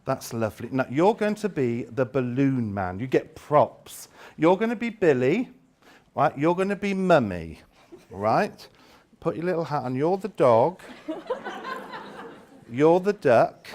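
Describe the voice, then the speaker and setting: A man leading a lively workshop demonstration, theatrical and teasing as he directs volunteers. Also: mid-range voice. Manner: theatrical, playful, teasing volunteers with exaggerated delight. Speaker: education trainer leading a seminar.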